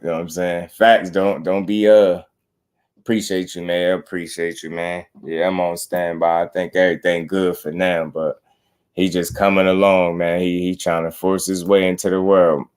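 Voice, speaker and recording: A man's voice: sits low, flat delivery, moderate pace, a little mellow, smooth. A man hosting a boxing channel live stream, chatting casually with slangy, laid-back talk and greeting viewers.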